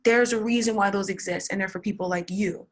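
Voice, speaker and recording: Woman, young adult, tarot reader, casual, blunt, repetitive emphasis, husky. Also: mid-range voice, steady tone, fairly quick. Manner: blunt, swears, repeats words for emphasis.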